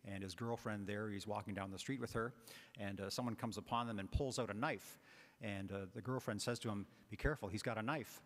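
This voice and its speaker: A man's voice: on the low side, steady tone, fairly quick. A man preaching a homily as a priest, talking in a conversational way with fillers and asides. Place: large church. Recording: long church reverb.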